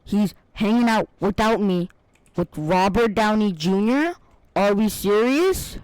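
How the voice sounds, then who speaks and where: A man playing a video game and commenting on it, excitable and frantic, often shouting out in bursts and talking to himself in casual slang. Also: high-pitched, unhurried, clean tone, no room sound. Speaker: gaming video creator.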